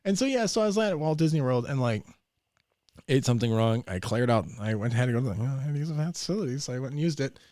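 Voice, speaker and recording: A young man, a podcast guest, telling a story in a loose, profane, animated way and acting out the voices. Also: medium pitch, fast talker, dry recording, clean studio sound. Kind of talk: casual storytelling.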